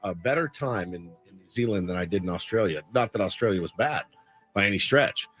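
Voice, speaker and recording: A man's voice: on the low side, lively intonation, quick pace, fairly bright tone, soft background music. A radio co-host, a man who jokes around and repeats himself playfully in casual chat.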